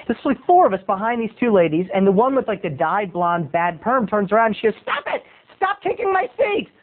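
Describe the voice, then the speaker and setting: A man's voice: high voice, fast. A man video blogger tells a rambling comic story, chatty and playful, wandering off on tangents. His voice comes through thin and tinny, like a phone line.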